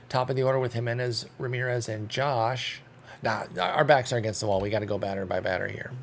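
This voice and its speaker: A man's voice: mid-range voice, gravelly, a little hiss or hum. A young man commentating his own baseball sim game, thinking aloud, getting frustrated and swearing. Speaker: gaming YouTuber. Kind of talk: live commentary while playing a baseball sim.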